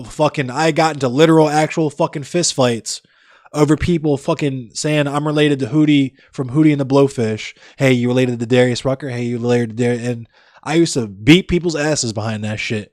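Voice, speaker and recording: A man's voice: mid-range voice, no echo, clean studio sound. A young man livestreaming, chatting casually with viewers in a blunt, profane, ranting way. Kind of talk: casual chat with live viewers.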